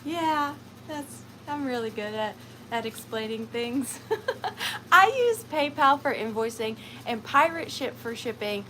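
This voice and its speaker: A woman talks into her camera during a casual live vintage sale, rambling and laughing as she goes. Her voice sits a little high. A faint steady noise runs behind her. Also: unhurried, poor audio. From Georgia, USA. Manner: chatty, rambling, laughs often, lots of fillers. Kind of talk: casual livestream chat.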